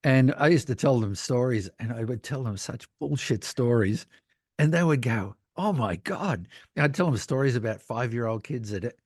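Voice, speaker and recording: An older Australian man telling animated anecdotes in a casual interview, laughing often. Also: mid-range voice, moderate pace, no echo, clean studio sound. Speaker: guest, cinematographer.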